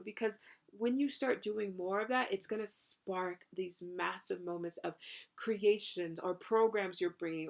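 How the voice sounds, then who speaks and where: Effusive woman hosting a spiritual podcast, slightly creaky. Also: mid-range voice. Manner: effusive, swears casually, frequent "you know" and "right?". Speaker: podcast host and spiritual coach. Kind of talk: channeled spiritual podcast monologue.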